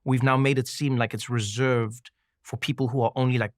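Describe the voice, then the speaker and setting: Podcast guest, man, lively storyteller, dry close mic. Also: mid-range voice, fairly quick, no echo. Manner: animated storyteller, acts out quoted voices. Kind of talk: casual conversation.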